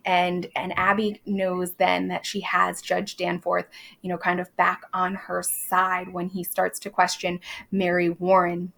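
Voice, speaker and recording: A woman's voice: fairly low pitch, level tone, measured pace, creaky, fairly bright tone. A young adult woman teaching, explaining a play in a casual way with lots of fillers. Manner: casual, many fillers, briefly acts out quoted lines.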